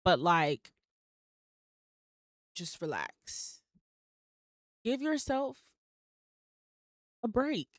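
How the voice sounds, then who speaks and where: A woman's voice: lowish voice, drawn-out words, long pauses, dry recording. Young woman doing a solo podcast, blunt and sweary, dry close sound. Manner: blunt, swears freely, animated self-talk. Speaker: podcast host. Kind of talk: casual solo podcast talk.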